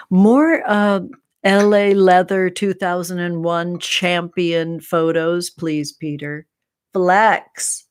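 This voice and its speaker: Slow, low-voiced playful woman. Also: flat delivery, clean tone, dry recording. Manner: playful, drifts into soft whispers and cheers. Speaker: tarot content creator, live stream host. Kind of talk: casual live chat with viewers.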